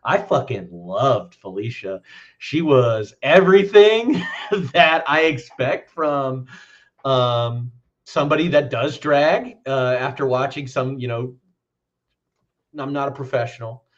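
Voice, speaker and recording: A man's voice: medium pitch, animated, takes it slowly, muffled recording. A man co-hosting a podcast, chatting casually about a film in a loose, rambling way and swearing freely. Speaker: podcast co-host.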